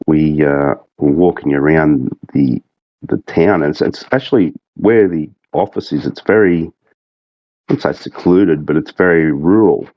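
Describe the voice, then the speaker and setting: A man's voice: very deep voice, no room sound, highs cut off. A man with a thick Australian accent, chatting as a podcast guest in a rambling, laid-back way. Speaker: guest, game mod creative director. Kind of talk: casual podcast chat.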